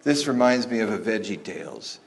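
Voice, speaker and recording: A male pastor preaching a sermon in a conversational, animated storytelling manner. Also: lowish voice, fairly quick, creaky.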